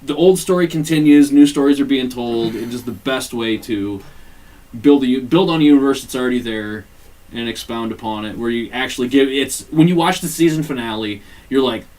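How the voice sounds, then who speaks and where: A man's voice: medium pitch, a little fast, distant mic, poor audio. A man co-hosting a casual podcast, swearing freely and acting out quotes as he retells a TV plot. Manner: profane, animated retelling with acted-out quotes. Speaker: podcast co-host. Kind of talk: casual chat reviewing a TV show.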